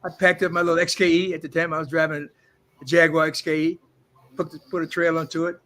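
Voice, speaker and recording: Here the same kind of older ex-footballer and actor rattles through boastful interview anecdotes fast, voicing the words of others as he goes. His slightly high, somewhat bright voice barely moves in pitch.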